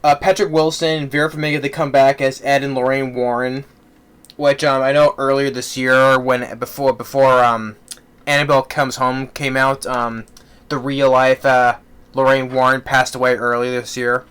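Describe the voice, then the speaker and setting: Rambling man reviewing a movie, smooth voice. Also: medium pitch, little pitch movement, normal speed, a bit bright. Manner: rambling, with many fillers and restarts. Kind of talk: casual spoken film review.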